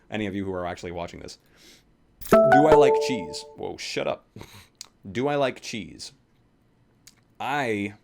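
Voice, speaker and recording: A young man casually answering viewer questions in a rambling, offhand way, swearing here and there. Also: on the low side. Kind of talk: casual Q&A vlog.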